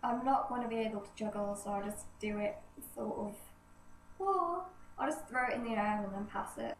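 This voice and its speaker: A woman's voice: a little high, moderate pace. A young woman with a cold, chatting in a rambling, self-deprecating way as a vlogger in a hallway. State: nasal from a cold. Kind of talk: casual vlog chat. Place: indoor hallway outside a bedroom. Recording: echoey hallway, distant camera, faint hiss.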